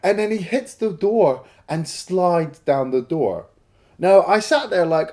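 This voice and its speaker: A man's voice: high voice, animated, slow pace, a little mellow. A man co-hosting a film review show, chatting casually and animatedly, swearing and acting out scenes. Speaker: film review podcast co-host. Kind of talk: casual chat.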